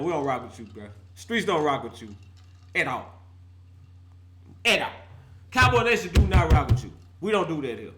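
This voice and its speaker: A man's voice: fairly high pitch, sharp tone. A middle-aged man ranting as a fan vlogger, fired up and laughing, heavy on slang and repeating himself for emphasis. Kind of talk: animated fan rant.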